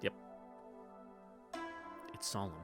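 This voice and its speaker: A man's voice: slow pace, fairly bright tone, soft background music. A man reading a visual novel aloud in a casual read-through, stumbling on words and correcting himself with wry asides.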